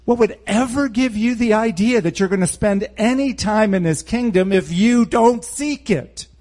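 A man's voice: sits high, moderate pace, darkish tone. A man preaching a verse-by-verse Bible teaching sermon in a blunt, emphatic way, with sarcastic asides.

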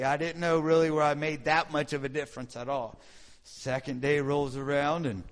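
A man sharing a personal testimony in a sermon, earnest and animated, asking the listeners call-and-response questions. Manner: drops to a low hushed voice when praying. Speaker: lay preacher sharing testimony.

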